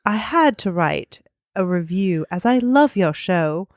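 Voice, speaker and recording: A woman's voice: fairly low pitch, expressive, slow pace, no room sound, clean studio sound. A woman voicing a gushing posh British lady with a plummy put-on accent while reading aloud from a listener's review.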